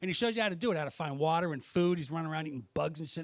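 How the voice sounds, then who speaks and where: A middle-aged male stand-up comic with a slightly high voice works the room with a handheld mic, swearing freely and needling people in the crowd. The sound is close and dry. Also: racing, no room sound. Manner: profane, brash, teasing the audience. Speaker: stand-up comedian. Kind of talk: stand-up set with crowd work. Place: comedy club stage.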